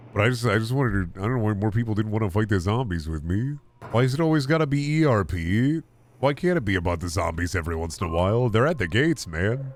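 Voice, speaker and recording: A man streaming a game, chatting casually and riffing through absurd comedy bits in a rambling way. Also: on the low side.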